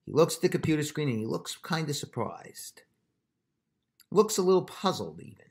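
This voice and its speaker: A man's voice: medium pitch, very animated, normal speed. A man who runs a construction business, telling a frustrating story in a casual vlog with emphatic, exasperated retelling and mild slang.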